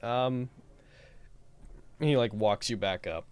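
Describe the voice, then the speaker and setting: A man's voice: low voice, expressive, moderate pace, no room sound. A man running a tabletop role-playing game as game master, narrating loosely with fillers and speaking as the characters.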